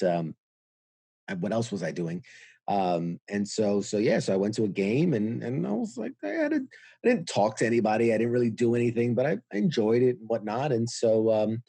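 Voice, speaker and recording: Husky low-voiced man from New York. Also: no room sound. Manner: acts out quoted dialogue with lively voices. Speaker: podcast guest, veteran. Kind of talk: candid interview storytelling.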